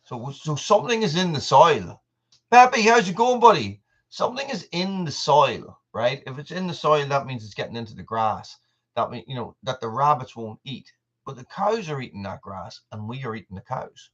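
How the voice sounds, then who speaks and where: A man's voice: mid-range voice, big pitch swings, moderate pace, a bit bright. An Irish man hosting a casual livestream, rambling from point to point and answering viewers' comments by name. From Ireland. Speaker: channel host.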